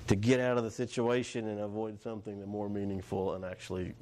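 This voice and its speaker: A man's voice: lowish voice, little pitch movement, quick pace, a little mellow, a little hiss or hum. Man preaching a casual sermon. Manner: conversational, repeats and restarts phrases, asks the congregation questions. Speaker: pastor.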